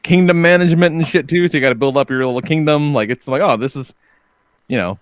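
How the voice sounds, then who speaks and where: A man's voice: on the high side, quick pace, clean tone, dry recording. A man in his thirties co-hosting a podcast, telling stories in a laid-back way, swearing freely and chuckling often. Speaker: podcast co-host. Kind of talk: casual podcast banter.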